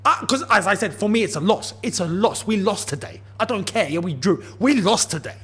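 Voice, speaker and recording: Man, high voice, animated swings in pitch, exasperated football rant, repetitive and emphatic. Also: fairly quick, breathy edge. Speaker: football channel host. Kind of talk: post-match rant to camera.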